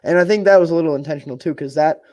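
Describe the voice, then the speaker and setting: A man's voice: a little high, rapid-fire, darkish tone, dry recording. Laid-back young man, dry close sound. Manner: rambling, laid-back, swears casually. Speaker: podcast co-host. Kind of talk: casual fight-talk chat.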